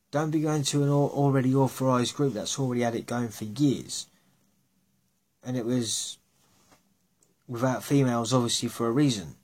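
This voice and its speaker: In a casual monologue, a man with a husky, mid-range voice bluntly rants his opinions. He's scornful and sarcastic, and he swears freely.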